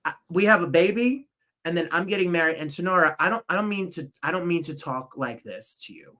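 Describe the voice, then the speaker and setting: A man's voice: fairly high pitch, lively intonation, a little fast, bright, forceful tone. A man from New Jersey hosting a casual chat, talking in an effusive, rambling way. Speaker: host.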